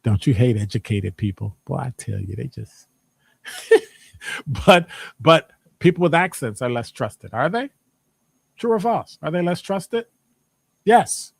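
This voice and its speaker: Animated Midwestern man hosting a live session. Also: mid-range voice, a little slow, vocal fry, pauses often, breathy edge, no echo. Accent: Midwestern American. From American Midwest. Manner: animated, jokey, teasing the audience. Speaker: presenter reading audience answers. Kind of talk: live-streamed lecture with chat.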